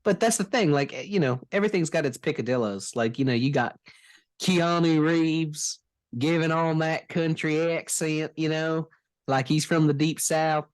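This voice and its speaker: A man's voice: a little high, moderate pace. Laid-back man chatting about movies. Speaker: podcast host. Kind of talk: casual movie chat.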